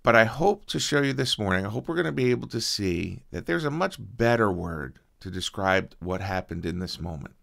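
Male pastor, low gravelly voice, earnest conversational sermon delivery. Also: animated, normal speed, hardly any pauses. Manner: earnest preaching, soft-spoken prayer with fillers.

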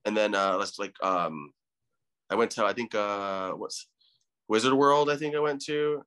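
A man's voice: fairly low pitch, a little slow, fairly bright tone, clear, resonant tone. A man in his thirties, a podcast guest, telling stories in a rambling, effusive way. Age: 30s. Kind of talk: casual chat.

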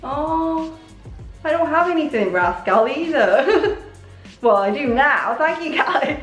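A young woman vlogger chatting excitedly while unboxing gifts, gushing often, her voice a little hoarse. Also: high-pitched, slow pace, roomy sound, faint music behind. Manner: excitable, gushing, many oh my gods. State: voice going hoarse. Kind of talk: casual unboxing chat.

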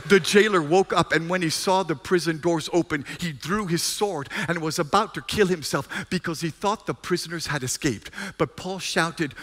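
Pastor guy preaching, high bright voice, jokey then shouting. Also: normal speed, hardly any pauses, in a large hall. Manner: humorous, preaching with sudden shouts and jokes. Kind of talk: sermon.

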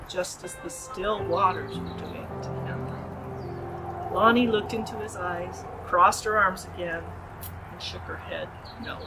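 A woman giving an expressive, dramatic reading of her own story at a writers' group. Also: mid-range voice, low-quality recording. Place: garden art gallery.

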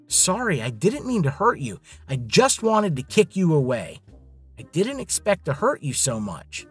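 A man voicing an angry, proud young woman heiress with sharp, indignant retorts. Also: a little high, huge pitch swings, measured pace, breathy edge, soft background music, heavily acted. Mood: apologetic.

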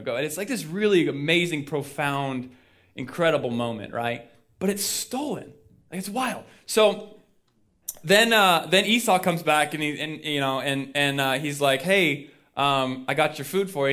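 A man's voice: a little high, a bit bright. A male pastor preaching a sermon in a casual storytelling way, acting out the people he quotes, with lots of fillers. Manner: chatty with many fillers.

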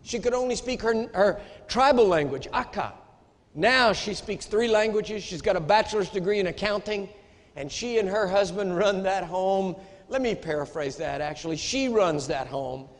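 A man's voice: high voice, normal speed. An American man preaching a sermon, telling a story with emphatic storytelling that rises into outrage. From United States. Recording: echoey hall.

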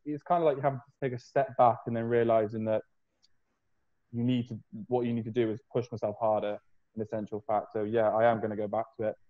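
A young man talks in a loose, rambling way and swears freely. His voice sits at an ordinary middle pitch. The call audio is dull and lo-fi. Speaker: podcast host, fitness coach. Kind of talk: casual podcast chat. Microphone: video call.

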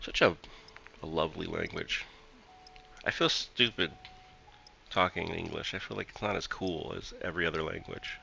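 A man's voice: deep voice, normal speed, vocal fry, long pauses, pushed and bright, a little hiss or hum. A man joking around and chatting casually with a teammate while playing a game. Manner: joking, playful. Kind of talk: casual gaming chat.

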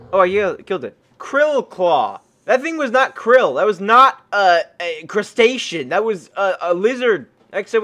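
High, lively man shrieking at game mobs. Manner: exclaims and shrieks in surprise. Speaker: gaming YouTuber. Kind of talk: excited gameplay commentary.

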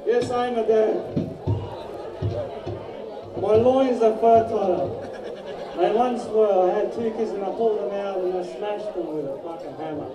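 A man in a band, telling crude jokes deadpan between songs into the PA at a small club. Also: high voice, brisk, few pauses, lo-fi sound, noisy background. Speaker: band member on stage. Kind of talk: stage banter telling jokes. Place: small live music venue, indoors. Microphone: stage PA heard from the audience. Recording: echoey club, taped far from stage. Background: loud crowd.

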